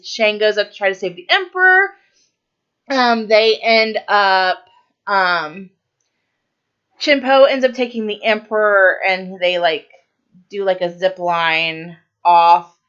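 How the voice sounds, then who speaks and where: A woman's voice: mid-range voice, expressive, slow, fairly bright tone, clear, resonant tone, muffled recording. A woman co-hosting a podcast, casually retelling a movie's plot with lots of fillers and quoted lines. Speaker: podcast co-host.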